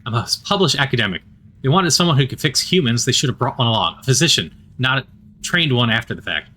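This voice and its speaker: A man's voice: medium pitch, animated, fast, pushed and bright. A man reading as a scornful woman doctor. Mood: disdainful. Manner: clipped and disdainful. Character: bitter, scowling woman scientist-doctor.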